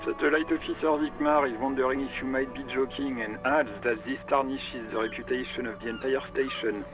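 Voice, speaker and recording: A man's voice: mid-range voice, fairly even intonation, a little fast, lo-fi sound, music in the background, lightly acted. An actor playing a scrawny old male police radio operator with a rattly voice, a thick French accent and clipped radio code. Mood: dutiful. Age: older.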